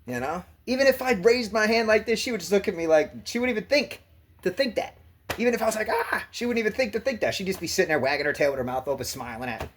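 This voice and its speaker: A man's voice: sits high, lively intonation, fast talker. A man talking casually to the camera in a blunt, profane rant, laughing now and then. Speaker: vlogger. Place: gym locker room.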